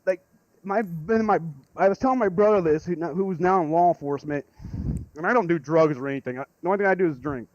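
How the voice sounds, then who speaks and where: A man calling in to tell a rambling story, excitable and swearing freely. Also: high-pitched, fast, no room sound, lo-fi sound. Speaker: caller. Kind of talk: casual storytelling.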